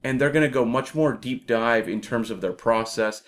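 A man co-hosting a casual discussion, talking in a measured, explanatory way. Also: medium pitch. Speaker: podcast co-host.

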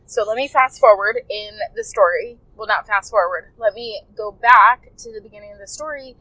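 At a moderate pace, a woman with a slightly high voice that sounds pushed and bright relates a client story to her podcast listeners. She's a health coach, and her telling is casual, rambling and sincere, with frequent mid-sentence self-corrections. The audio is dry and rough.

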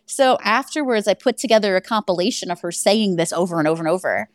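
A woman's voice: medium pitch, lively intonation, fast, dry recording, studio quality. A woman who owns an escape room, telling stories animatedly in a casual interview and laughing along the way. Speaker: guest.

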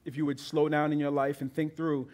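Man preaching a sermon, emphatic, slightly high-pitched, swells to loud climaxes. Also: little pitch movement, brisk. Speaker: pastor.

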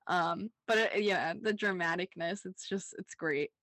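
A woman's voice: on the low side, unhurried, a bit bright, dry recording. A young woman co-hosting a rewatch podcast, recapping scenes in casual chat, laughing often and saying "like" a lot. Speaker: podcast co-host.

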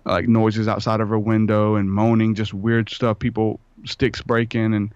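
A man's voice: on the low side, completely flat delivery, normal speed, a little mellow, clean tone, no echo. A man, a podcast guest, telling a rambling personal story in a casual way and acting out the dialogue. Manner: rambling, acts out quoted dialogue. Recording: dull lo-fi sound.

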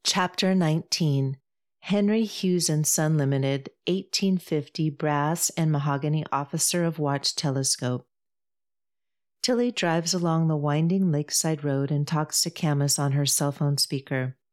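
A woman reading a novel aloud in steady scripted narration. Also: low voice, measured pace. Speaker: audiobook narrator.

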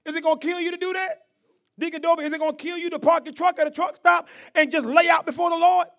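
Man, preacher, fiery sermon, gravelly texture, piercing tone, calls out to the congregation. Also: extremely high pitch, steady tone, fast. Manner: stammering repetition building to shouts.

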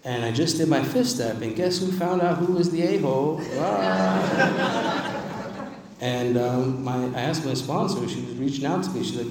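A man's voice: mid-range voice, expressive, moderate pace, a little hiss or hum. Man, recovery meeting talk, emphatic conversational testimony, long reverb, faint room ambience. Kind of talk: personal testimony speech. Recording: echoey hall, distant mic, faint ambience.

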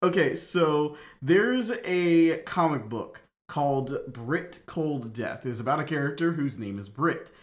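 A man's voice: fairly high pitch, lively intonation, unhurried, hardly any pauses. A man co-hosting a casual podcast discussion, rambling through his points with lots of restarts and laughing at himself. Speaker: podcast co-host.

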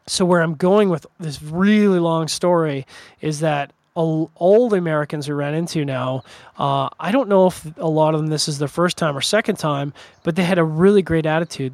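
A man's voice: fairly high pitch, a little mellow, no room sound. Chatty middle-aged man, rambling. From Canada. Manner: rambling storyteller with frequent restarts and fillers. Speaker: podcast co-host. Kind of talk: casual chat.

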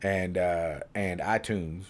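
A man's voice: low voice, fairly even intonation, takes it slowly. A man hosting a podcast in casual, joking, rambling chat. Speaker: podcast host.

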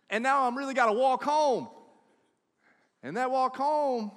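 A man preaching a sermon, telling a personal story and acting out quoted voices, swinging from hushed to loud. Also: very high-pitched, lively intonation, normal speed. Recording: long hall reverb.

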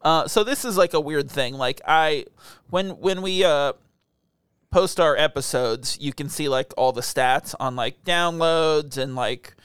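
A man's voice: on the high side, unhurried, a bit bright, clear, resonant tone, no room sound. A middle-aged man co-hosting a podcast in casual chat, rambling, laughing often and swearing. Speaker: podcast co-host.

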